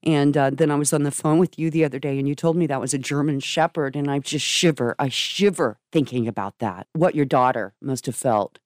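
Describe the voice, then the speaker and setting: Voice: mid-range voice, brisk, hardly any pauses, no echo. A podcast host guides a guest through a hard story. They respond with open, effusive sympathy. The recording is dry and close. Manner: warmly sympathetic, effusive reactions. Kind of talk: podcast interview.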